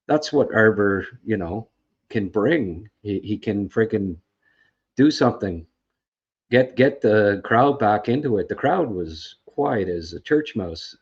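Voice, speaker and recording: A podcast host with a fairly low, husky voice gives a casual recap on a livestream. He sounds frustrated and rambles, restarting sentences around fillers, and the audio is dull and lo-fi.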